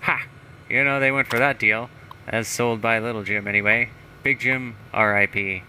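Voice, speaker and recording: This is a sleazy mayor who cannot stop admiring his own schemes, as a man puts him on while reading. He sounds smug and boastful and adopts a put-on accent. His tone is piercingly bright. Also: mid-range voice, steady tone, moderate pace, a little hiss or hum, low-quality recording. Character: sleazy scheming male small-town mayor.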